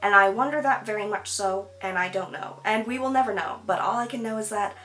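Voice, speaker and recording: A woman's voice: medium pitch, fairly quick, a bit bright, slight background noise. A woman talking candidly in a casual vlog at home, chatty and self-deprecating, with lots of "like" and laughter. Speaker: YouTuber.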